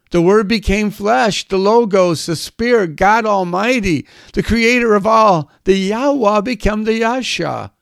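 A man's voice: sits high, creaky, clean tone, no echo, studio quality. A man preaching a sermon, emphatic and drawn out, his voice climbing on the key words.

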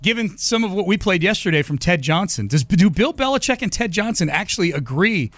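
A man's voice: sits high, very animated, brisk, a bit bright, no room sound. A man hosting sports radio in casual chat, laughing easily and setting up clips on a studio microphone.

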